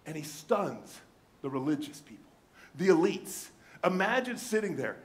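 A man's voice: on the high side, normal speed. A man preaching a sermon as pastor, telling a scripture story with energy and acting out the people in it. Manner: animated storytelling, acts out scripture voices.

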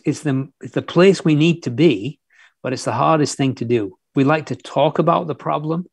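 A man's voice: medium pitch, a little mellow, no echo. Fervent male preacher, dry sound. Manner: earnest, fervent exhortation with repeated restarts. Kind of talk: sermon.

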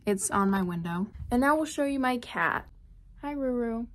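A woman's voice: on the high side, expressive, moderate pace, a little hiss or hum. Teen girl vlogger, put-on Southern country accent, rambling casual chat, self-deprecating. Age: teens. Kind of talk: casual vlog while doing makeup.

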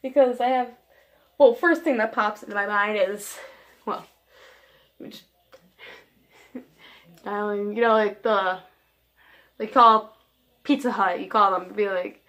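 A woman's voice: mid-range voice, moderate pace, long pauses, fairly bright tone. A teenage girl chatting casually on her vlog, giggly, scattered and self-deprecating, jumping from one thing to the next. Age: teens. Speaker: vlogger. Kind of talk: casual rambling vlog chat.

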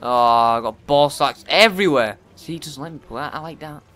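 A man giving profane let's play commentary, often yelling at the game in frustration. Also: a little high, brisk. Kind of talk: gameplay commentary.

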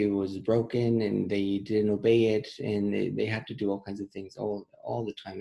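Gravelly man teaching kids Sunday school. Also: fairly low pitch, mellow, low-quality recording. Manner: earnest, repeats phrases, reads verses slowly. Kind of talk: children's Bible lesson.

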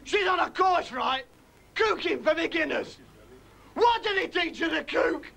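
A man doing a stand-up comedy rant, shouting and exasperated, with an audience laughing faintly behind him. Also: extremely high pitch, expressive, a little slow, creaky. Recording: faint studio audience crowd.

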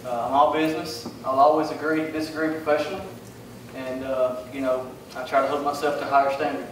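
A man with a Southern US accent giving a candidate forum speech, halting and full of fillers. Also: medium pitch, flat delivery, a little hiss or hum. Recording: echoey room, mic far off.

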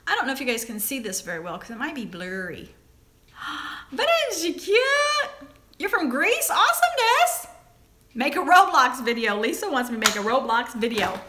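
A woman's voice: moderate pace, slight background noise. A woman hosting a casual live chat, reading viewer comments aloud and gasping and squealing over small toys. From Southern United States. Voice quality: giggly, exclamatory, high and animated. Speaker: live stream host.

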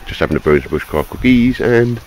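A man's voice: mid-range voice, animated, brisk, darkish tone, slight background noise, poor audio. A man from London with a Cockney accent, chatting casually to camera in a vlog, joking and rambling with plenty of filler words. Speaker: vlogger.

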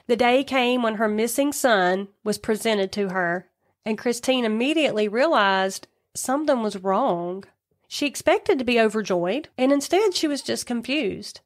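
A woman co-hosting a podcast, retelling a true-crime case in a chatty way with asides. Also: fairly high pitch. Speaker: podcast co-host.

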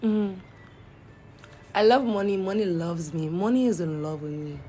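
Slow, tired woman chatting on a livestream. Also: fairly low pitch, mellow, slight background noise. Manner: slow, drawling, playful. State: tired, croaky voice. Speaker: livestreamer reading comments. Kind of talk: late-night live stream chat.

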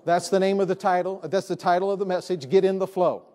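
A man's voice: high-pitched, steady tone, fast talker, darkish tone. A male pastor preaching a sermon in a church, emphatic and repeating his key phrases. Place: church sanctuary.

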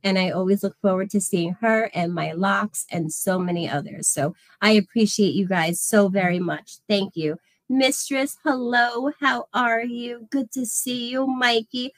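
A woman's voice: mid-range voice, measured pace, hardly any pauses, dry recording. A woman in her thirties hosting a casual livestream, effusively thanking viewers by name. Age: 30s. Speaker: livestream host.

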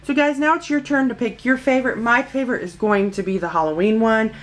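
A woman's voice: a little high, fast talker. A woman vlogger from the United States chatting casually through a toy unboxing, gushing and calling her viewers guys.

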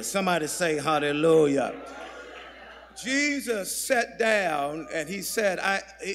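Male pastor, high voice, sermon with call-and-response, reverberant sanctuary. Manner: preaching with call-and-response, shouting and dropping to murmurs. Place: large church sanctuary. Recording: long hall reverb.

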